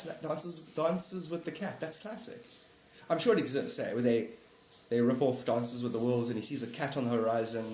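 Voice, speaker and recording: A man's voice: medium pitch, darkish tone. Joking, rambling man in an echoey room. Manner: rambling, jokey, swears, acts out silly voices. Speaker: live stream host. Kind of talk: casual live stream chat. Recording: echoey room with faint noise.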